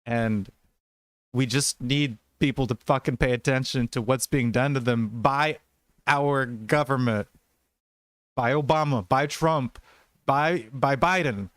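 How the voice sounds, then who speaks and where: Brief: man, mid pitch, heated profane rambling rant, dry close mic. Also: slow, fairly bright tone, no echo. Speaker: podcast host. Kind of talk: casual political chat.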